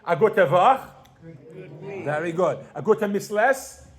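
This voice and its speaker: A pregnant woman teaching Yiddish to a class, animated and casual, quizzing her students with frequent questions. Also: on the low side, slow, a crowd in the background. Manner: casual, with fillers and restarts. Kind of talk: classroom language lesson.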